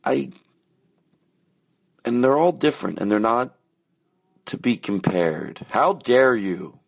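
A man's voice: medium pitch, animated, slow pace, vocal fry. A man rambling chattily in a casual pre-show monologue, self-deprecating. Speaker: podcast host.

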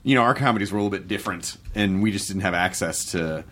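A man's voice: deep voice, quick pace, a bit bright. A middle-aged American man hosting a casual interview, playful and rambling with jokey asides. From United States. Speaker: interviewer host.

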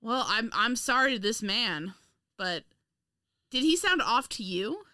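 A woman co-hosting a podcast in casual chat, animated and sarcastic, laughing often. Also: on the high side, measured pace, dry recording, studio quality. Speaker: podcast co-host.

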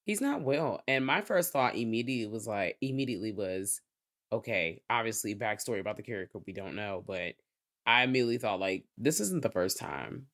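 A man's voice: fairly low pitch, expressive, fairly quick, a bit bright. A man with a Southern US accent co-hosting a casual movie review podcast, talking in a laid-back, profane, reflective way. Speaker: podcast co-host.

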